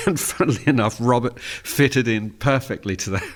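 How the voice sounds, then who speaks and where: An older man from England, a guest on a radio show, telling a relaxed story and laughing often as he goes. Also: medium pitch, a little slow. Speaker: guest musician. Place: radio studio.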